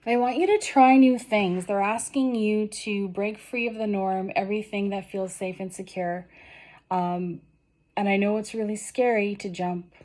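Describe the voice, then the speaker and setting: A woman's voice: medium pitch, darkish tone. Earnest, encouraging woman giving a tarot reading. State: tearful, losing her voice. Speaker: tarot reader. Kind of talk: general tarot reading to camera.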